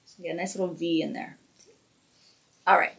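Speaking at a normal speed, a woman with a fairly low, fairly bright voice, vocal fry, and fairly even intonation hosts a makeup brand's weekly live demo. She is casual, chatty, and encouraging, walking viewers through each step.

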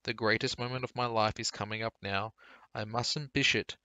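A man reading a storybook aloud, voicing a shy, nervous older gentleman who talks in a timid, fretful way. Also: lowish voice, fairly even intonation, normal speed, clean tone, no echo.

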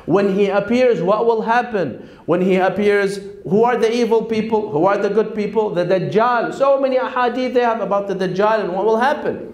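A man's voice: high voice, moderate pace, few pauses, a little mellow. A man giving a sermon to a congregation, posing rhetorical questions and quoting opponents. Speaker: speaker at a religious lecture. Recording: echoey hall.

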